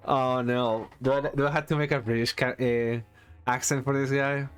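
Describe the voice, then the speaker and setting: A man's voice: medium pitch, little pitch movement, measured pace, long pauses, clean tone, soft background music. A man streaming a game, giving playful, casual commentary and reacting as he reads game text aloud. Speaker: VTuber streamer.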